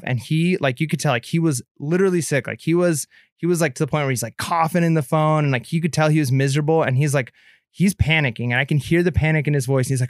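A man's voice: fairly high pitch, fast talker, no room sound, clean studio sound. A man in his thirties co-hosting a podcast, telling stories in a chatty way with many fillers and restarts. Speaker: podcast co-host. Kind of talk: casual podcast chat.

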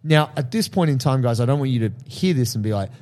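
A man co-hosting a podcast, telling stories in a casual, animated way and laughing at himself. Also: mid-range voice, quick pace. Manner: animated storytelling, laughs often, self-deprecating. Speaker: podcast co-host.

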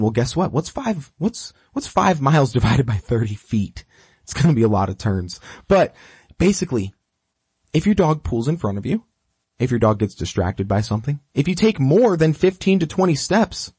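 A man's voice: mid-range voice, very animated, normal speed, a little mellow, slightly rough, no room sound. A man working as a dog trainer, giving emphatic instructions and checking in often with the listener. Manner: emphatic, keeps checking in with "okay?". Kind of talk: instructional talk.

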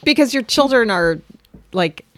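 A middle-aged woman co-hosting a casual chat, quick and excitable, full of "like". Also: on the high side, dry recording. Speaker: podcast co-host.

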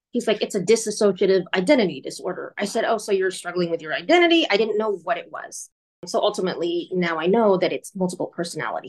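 A woman telling her personal story in a candid, emotional way, speaking quickly and acting out the voices of the people she quotes. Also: medium pitch, poor audio. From California.

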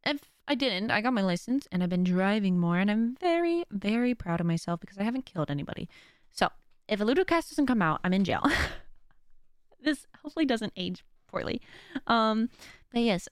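A woman's voice: medium pitch, smooth, dry recording, clean studio sound. A young adult woman hosting her own podcast in casual chat, talkative and rambling with joking asides. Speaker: podcast host.

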